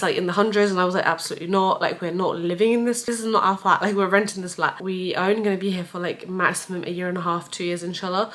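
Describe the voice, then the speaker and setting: A woman's voice: fairly low pitch, a bit bright. A young woman chatting casually in a vlog, full of "like" fillers. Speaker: vlogger.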